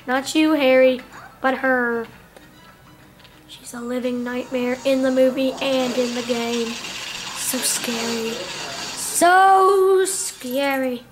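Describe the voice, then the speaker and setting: High-pitched, slow-talking woman gaming. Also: level tone, soft background music. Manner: chatty, playful, sings and mutters to herself. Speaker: let's play gamer. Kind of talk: casual let's play commentary.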